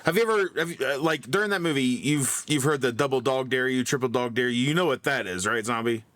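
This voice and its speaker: A man's voice: mid-range voice, fast talker, a bit bright. A man co-hosting a podcast, telling a long story in a rambling way, full of fillers, restarts and laughs at himself. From grew up in the country. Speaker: podcast co-host. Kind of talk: casual storytelling.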